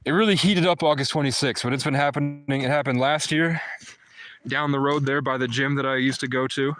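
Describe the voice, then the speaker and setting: A man ranting to his viewers in an aggrieved, fast-flowing monologue. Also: mid-range voice, fairly even intonation, fairly bright tone. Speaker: vlogger. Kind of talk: agitated monologue to camera.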